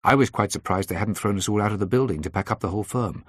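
A man reading a first-person thriller aloud in a measured, dry storytelling manner. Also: on the low side, no echo. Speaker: audiobook narrator.

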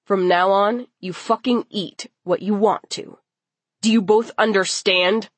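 A woman's voice: mid-range voice, steady tone, unhurried, no room sound, lightly acted. A woman voicing a domineering teenage boy who gives firm commands. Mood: commanding.

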